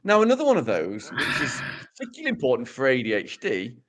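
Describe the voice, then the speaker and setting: A man's voice: medium pitch, fast talker. Guy on a podcast going over studies, bouncy voice, dry jokes at himself. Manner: dry self-mocking humor, lively delivery. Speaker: podcast co-host presenting research. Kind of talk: casual podcast explainer.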